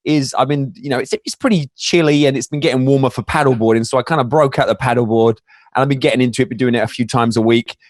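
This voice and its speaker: A man's voice: mid-range voice, fairly even intonation, fast, no echo, clean studio sound. A man, a guest in a casual interview, telling stories with many fillers and restarts. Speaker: podcast guest.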